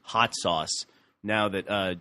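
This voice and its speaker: Podcast host, Texan guy, bright forward tone, chatty storyteller who keeps laughing, dry studio sound. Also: fairly low pitch, takes it slowly, dry recording. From Texas. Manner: animated storyteller, laughs often. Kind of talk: casual chat.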